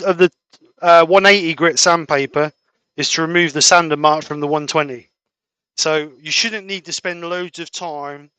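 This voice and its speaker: Bright, crisp man demonstrating sanding. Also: fairly high pitch, dry recording, low-quality recording. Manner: steady step-by-step explaining. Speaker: woodturning demonstrator. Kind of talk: live-stream turning demo.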